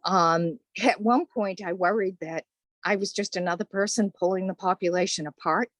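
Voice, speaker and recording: A woman's voice: mid-range voice, steady tone, moderate pace, no room sound. An older woman with a Boston accent, a course instructor chatting through interview answers. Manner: chatty, conversational.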